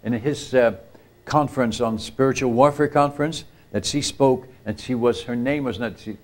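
At a retreat camp meeting, an older missionary speaker tells a sermon story at a moderate pace in a medium-pitched voice. He performs the quoted voices and repeatedly turns to the audience for asides.

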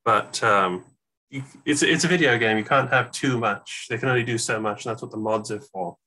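Bright-voiced man, chatty and hesitant. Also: medium pitch, moderate pace, rough recording. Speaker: podcast guest. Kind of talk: casual discussion while playing.

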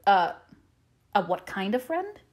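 A woman voicing a stern, practical older woman who raises a young girl, with a brisk, clipped, scolding manner. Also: mid-range voice, big pitch swings, a little mellow. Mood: curt. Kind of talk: audiobook character reading.

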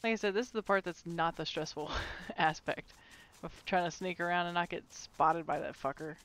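A woman's voice: lowish voice, normal speed, a bit bright. A woman streaming a horror game, commenting live and playfully taunting a monster, swearing freely.

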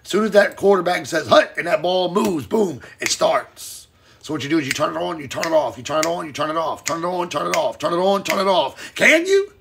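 A man preaching in a live-streamed Bible teaching. He is fiery and emphatic, swinging between loud and quiet, and reads scripture slowly and deliberately. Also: fairly high pitch, gravelly, background noise.

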